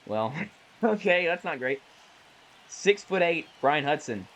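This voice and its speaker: A man casually calling the plays of a baseball video game he is playing, chatty and self-correcting, with bursts of excitement on big plays. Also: on the high side, takes it slowly, low-quality recording. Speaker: gaming YouTuber. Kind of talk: casual play-by-play while gaming.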